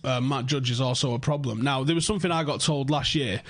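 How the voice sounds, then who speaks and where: Sweary football host. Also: male voice, medium pitch, quick pace, fairly bright tone. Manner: swears freely, acts out quoted dialogue. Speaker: podcast host. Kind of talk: casual football chat.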